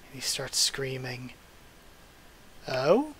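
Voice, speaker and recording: A young man reads a comic aloud to his channel and stops often to react. His voice sits fairly high for a man, and he talks in an animated, openly emotional way. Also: unhurried, a little hiss or hum. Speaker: channel host reading a comic.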